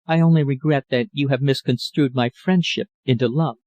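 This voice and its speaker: A man reading an audiobook, voicing a grave young woman who turns down a suitor in a cool, earnest manner, her voice low and sweet. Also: moderate pace, darkish tone, no echo, close to an everyday voice. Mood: grave, gentle.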